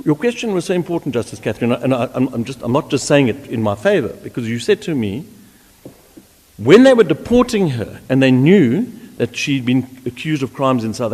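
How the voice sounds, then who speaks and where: Animated, emphatic male advocate in court. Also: medium pitch, moderate pace. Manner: animated, emphatic, with frequent restarts. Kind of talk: courtroom legal argument. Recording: reverberant courtroom audio.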